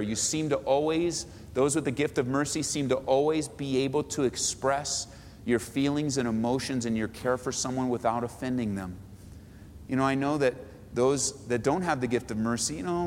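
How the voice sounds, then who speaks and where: A man's voice: medium pitch, long reverb tail, a little hiss or hum. A man pastor teaching a Bible study sermon in a church sanctuary, earnest, repeating phrases and stretching out key words.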